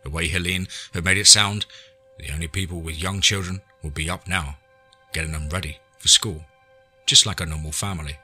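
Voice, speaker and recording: A male narrator reads a story aloud in a calm, measured way. His voice is very deep and husky yet has a strikingly bright edge. Soft music plays faintly underneath. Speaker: audiobook narrator. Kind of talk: scripted narration.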